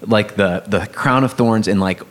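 A man's voice: on the low side, unhurried. A man telling a story in a casual faith discussion, rambling with lots of fillers. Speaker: podcast co-host.

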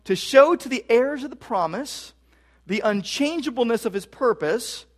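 High-voiced pastor, emphatic sermon delivery. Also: male voice, animated, normal speed. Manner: emphatic, repeats key phrases for stress. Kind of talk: expository sermon.

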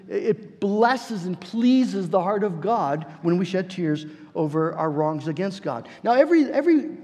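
Pastor, man, high voice, earnest sermon delivery with repeated words, long church-hall reverb. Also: darkish tone. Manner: earnest, pleading, slows down for emphasis; repeats words as he searches for the next.

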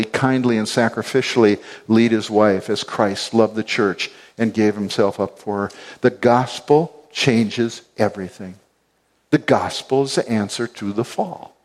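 Middle-aged man, pastor preaching, lively storytelling, acts out quotes, swings his pitch up and down. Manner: animated storytelling with acted-out quotes and laughs. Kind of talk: sermon.

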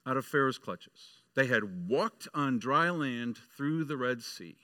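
Bright-voiced storytelling male pastor. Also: medium pitch, animated, takes it slowly, no echo, clean studio sound. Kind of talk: sermon.

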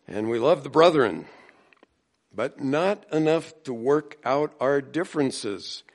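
A man pastor preaching a sermon in a church, talking in a relaxed, conversational way and mimicking the people in his stories. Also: mid-range voice. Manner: slow, conversational preaching with mimicked voices in anecdotes. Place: church sanctuary.

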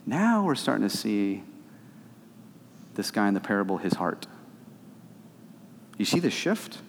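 A man's voice: on the low side, big pitch swings, measured pace, vocal fry, big-room sound, a little hiss or hum. A man preaching a sermon as pastor, conversational at times and rising to fervent emphasis.

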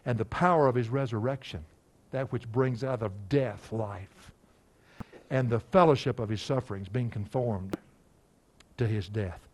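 A man preaching an expository sermon, quizzing his listeners and slowing down to read scripture aloud. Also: medium pitch. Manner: animated, asks the congregation questions, slows for scripture.

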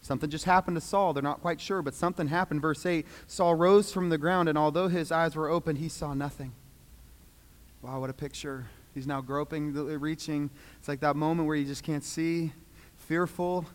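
A man preaching a sermon, dramatic, swinging from loud pleading to hushed quiet. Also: fairly high pitch, fairly even intonation, normal speed. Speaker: pastor. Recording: long reverb of a large hall.

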